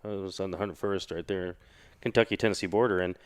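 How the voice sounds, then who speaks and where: A man's voice: sits low, steady tone, quick pace, clear, resonant tone. A man with a Midwestern American accent, a podcast guest chatting easily about his past. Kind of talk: casual chat.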